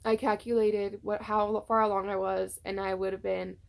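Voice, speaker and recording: A woman's voice: mid-range voice, flat delivery, normal speed, creaky. A young woman chatting casually to her phone camera at home, telling a personal story with many fillers. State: tearful at times. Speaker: vlogger. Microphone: phone on a tripod.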